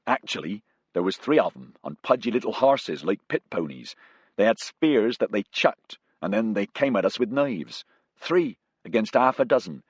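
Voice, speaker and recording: A man's voice: on the low side, lively intonation, normal speed, breathy edge, no echo. A man voicing a plain-spoken British corporal with a West Country accent. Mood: matter-of-fact. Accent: West Country English.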